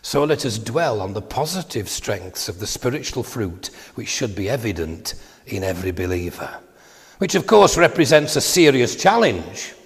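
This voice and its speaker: A man's voice: medium pitch, big-room sound. An older man preaching a sermon in a church, in a conversational way with asides.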